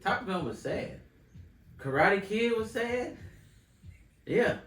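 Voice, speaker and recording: Animated man, roomy distant sound. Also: high-pitched, slow. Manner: animated, laughing storyteller. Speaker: podcast co-host. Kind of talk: casual chat. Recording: roomy, distant mic, faint noise.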